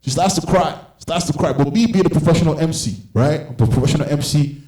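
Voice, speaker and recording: A young man telling stand-up comedy stories, animated and acting out the people in them. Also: on the high side, quick pace. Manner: animated, acts out voices of people in his stories. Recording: roomy echo.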